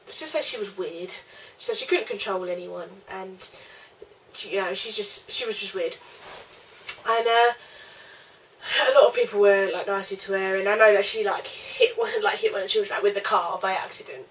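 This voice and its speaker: A woman's voice: mid-range voice, moderate pace, recorded from a distance, a little hiss or hum, rough recording. A young woman telling a rambling storytime vlog, chatty, with lots of fillers. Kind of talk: casual storytime.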